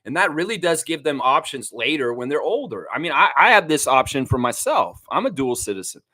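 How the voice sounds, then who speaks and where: Man, from Canada, live-stream sports host, excitable, laughs a lot, bright voice, very animated pitch. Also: a little fast. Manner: excitable, laughs often, riffs and jokes. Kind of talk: casual live-stream chat reading viewer comments.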